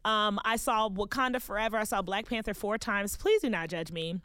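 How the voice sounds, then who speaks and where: A woman's voice: medium pitch, normal speed, fairly bright tone, smooth, no echo, clean studio sound. A woman hosting a podcast in a recording booth, talking in an exuberant, playful, gushing way. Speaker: podcast host. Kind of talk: casual podcast chat.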